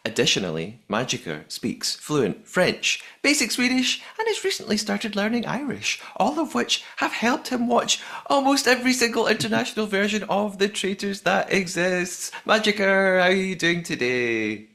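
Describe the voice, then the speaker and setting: Brief: male podcast host, upbeat, lively sing-song delivery, slightly high voice. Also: moderate pace, vocal fry, hardly any pauses. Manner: lively, upbeat scripted intro. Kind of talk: podcast chat.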